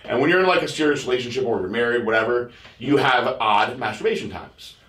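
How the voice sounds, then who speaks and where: Male podcast host, crude and rambling, mid pitch, roomy echo. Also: fast, a bit bright. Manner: crude, rambling, acts out quotes in high voices. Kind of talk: casual storytelling chat. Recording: echoey room.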